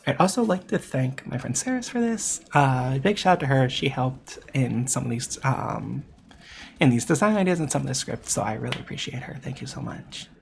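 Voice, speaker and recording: A gravelly voice with a lively pitch that rises and falls a lot, delivering an opinionated game critique at a desk mic. The speaker leans on repetition for emphasis and stumbles into quick self-corrections. Faint noise sits underneath. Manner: emphatic, repeats points for stress; self-correcting, with filler words. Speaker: VTuber game commentator.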